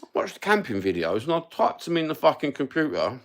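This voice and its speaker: A man's voice: on the high side, big pitch swings, fast, fairly bright tone. A man with a Cockney accent hosting a livestream, chatting casually and rambling between topics with plenty of swearing. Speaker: livestream host.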